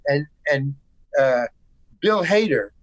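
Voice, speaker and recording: Older american guy, kinda high voice, rambly, keeps restarting sentences, dry close sound. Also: expressive, slow, no room sound, rough recording. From United States. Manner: emphatic, rambling with many restarts. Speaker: guest actor. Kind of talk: casual storytelling interview. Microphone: video call.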